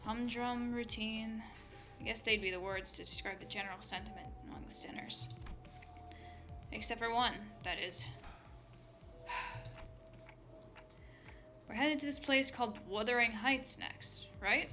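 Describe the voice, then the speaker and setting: A woman's voice: on the high side, measured pace, long pauses, over music. A woman from the United States reading a game story aloud and breaking off into swearing asides. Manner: reads narration, then breaks off into swearing asides. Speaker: fan reader of a game story. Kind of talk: casual dramatic reading.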